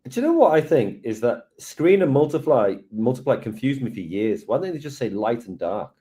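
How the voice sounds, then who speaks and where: A man co-presenting a live software lesson, relaxed and thinking aloud as he works. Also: mid-range voice, moderate pace.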